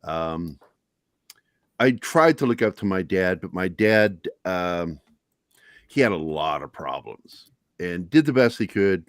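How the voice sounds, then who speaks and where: Middle-aged guy, low voice, blunt and swears a lot, dry close mic, talking about his life. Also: animated, slow pace, no echo. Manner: blunt, profane, self-deprecating. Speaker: podcast host. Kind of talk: candid personal storytelling.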